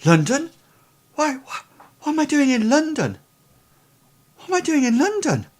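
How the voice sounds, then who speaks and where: A woman's voice: sits high, very animated, moderate pace, pitched above the performer's own voice. A woman voicing a dazed, frightened young English man who keeps asking anxious questions.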